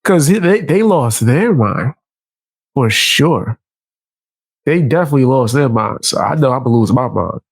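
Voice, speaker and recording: A man's voice: medium pitch, expressive, normal speed, slightly rough, dry recording. A man hosting casual commentary, telling a story with animation and acting out the scene. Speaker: host.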